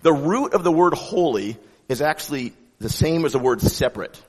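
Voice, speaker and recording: A man giving a sermon as pastor, with a conversational, animated delivery and frequent restarts. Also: a little high, normal speed, breathy edge, in a large hall.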